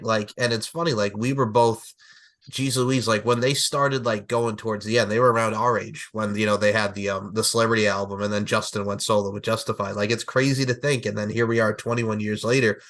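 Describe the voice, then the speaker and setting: Casual podcast host, a man in his forties, excitable, quick to laugh. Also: lowish voice. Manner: excitable, swears, laughs often. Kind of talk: casual chat.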